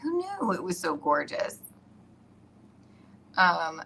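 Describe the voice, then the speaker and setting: Excitable rambling woman live-streaming. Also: lowish voice, measured pace, a little hiss or hum. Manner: excitable, rambling storyteller who laughs often. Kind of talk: casual live-stream chat. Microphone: iPad.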